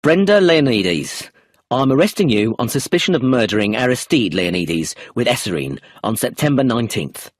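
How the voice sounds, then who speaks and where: A man reading an audiobook, voicing a police inspector who speaks in a slow, official tone. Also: medium pitch, sing-song, no echo. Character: male police chief inspector, official and formal.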